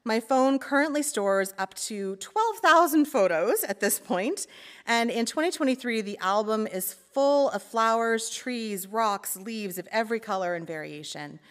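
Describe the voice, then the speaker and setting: A woman's voice: fairly high pitch, lively intonation, unhurried, a bit bright. A woman community life pastor giving a reflective sermon talk in church, playful and laughing at times, then earnest.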